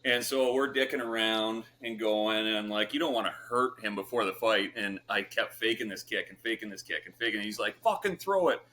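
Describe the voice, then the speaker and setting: A man's voice: on the low side, steady tone, fairly quick, few pauses, sharp tone, a little hiss or hum. A man from Canada, a guest on a podcast, telling stories casually with lots of swearing and fillers. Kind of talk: casual storytelling.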